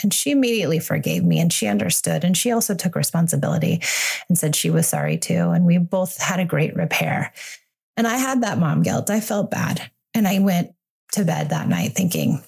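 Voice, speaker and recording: A woman's voice: fairly low pitch, big pitch swings, brisk, creaky, a little mellow, husky. A woman in her forties hosting a parenting podcast, talking candidly and reassuringly about her own mistakes as a parent. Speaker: parenting coach and podcast host. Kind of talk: solo podcast monologue.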